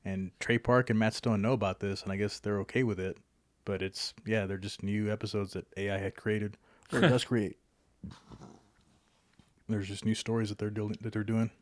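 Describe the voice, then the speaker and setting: A man with a somewhat low voice, co-hosting a podcast. He chats loosely and jokes around, rambling through his points with fillers. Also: fairly even intonation, normal speed, no room sound. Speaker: podcast co-host. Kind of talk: casual chat.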